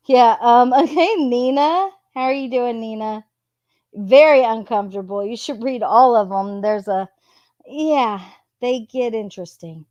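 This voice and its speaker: A woman's voice: mid-range voice, a little mellow, no room sound, highs cut off. A woman reading a stream of text messages aloud in a casual way, stopping to react with disbelief and awkward laughs. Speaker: true crime YouTuber.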